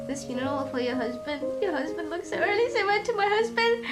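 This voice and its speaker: A woman's voice: very high voice, normal speed, pauses often. A woman streamer with a stuffy nose, chatting casually on a livestream, emotional and tearful, rambling and swearing. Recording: music playing under voice. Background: background music.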